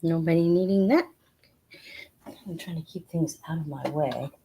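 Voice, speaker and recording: Low-voiced woman hosting a chatty sale. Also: normal speed, dark tone, a little hiss or hum. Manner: chatty, rambling, with many fillers. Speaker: online sale host. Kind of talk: casual live sale patter.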